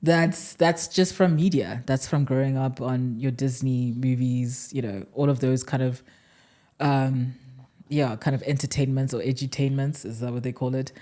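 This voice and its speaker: Very low-voiced South African woman, chatty and laughing. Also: steady tone, moderate pace, mellow. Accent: South African with a slight American tinge. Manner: chatty, laughs often, many fillers and restarts. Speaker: podcast guest. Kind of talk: casual podcast chat.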